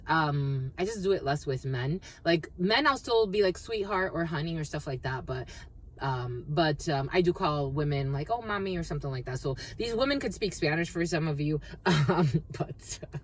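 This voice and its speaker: A woman's voice: deep voice, animated, normal speed, slight background noise. A woman giving a collective tarot reading, rambling and free-associating, repeating phrases and swearing freely. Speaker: tarot card reader.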